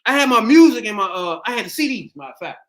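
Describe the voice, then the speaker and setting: Speaking fast in a high voice, a middle-aged man hosting a podcast relates a story conversationally. His delivery is animated as he voices the people in it.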